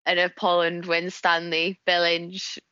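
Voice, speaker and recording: A young woman with a northern English accent from around Wigan, talking casually and laughing through her stories. Her voice sits a little low, and the recording is dry with a slightly muffled top end. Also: completely flat delivery, measured pace, pushed and bright, clean tone, dry recording. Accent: northern English, Wigan area. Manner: chatty, laughs often, tells anecdotes. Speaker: podcast guest. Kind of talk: casual chat.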